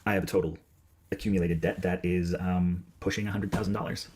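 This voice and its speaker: A man from New England speaks as a video essayist delivering a personal update. He is hesitant and soft-spoken, with frequent pauses and fillers. His voice is very deep. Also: level tone, a little hiss or hum.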